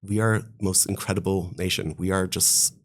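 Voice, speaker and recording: A rabbi with a very deep, low voice, speaking. He tells stories with fervour, his voice climbing on the points that move him. He is a podcast interview guest. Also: fairly even intonation, moderate pace. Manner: impassioned, storytelling, voice rising on key points.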